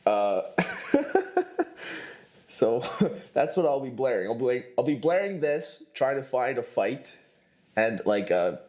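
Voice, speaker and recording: Rambling man, swinging pitch, laughing. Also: lively intonation, a little slow, darkish tone. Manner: rambling, joking, laughs at himself. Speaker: podcast host. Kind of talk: rambling comedic monologue.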